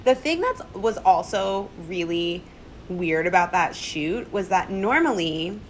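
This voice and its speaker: A woman with a slightly low voice tells stories in a relaxed podcast chat, laughing often and acting out what people said. A faint low rumble sits under the recording. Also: slow pace, poor audio. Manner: animated storyteller, laughs often, acts out quotes. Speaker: podcast guest. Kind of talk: casual chat.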